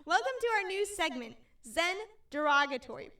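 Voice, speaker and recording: A young woman with a high voice co-hosts a podcast, chatting casually and telling stories in an animated way, giggling a lot. She speaks at a moderate pace and sounds distant from the mic.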